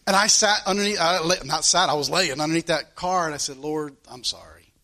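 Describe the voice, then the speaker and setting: High-voiced earnest male preacher. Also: fast talker, pushed and bright. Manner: earnest, preaches through a personal anecdote with rhetorical questions. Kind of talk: sermon.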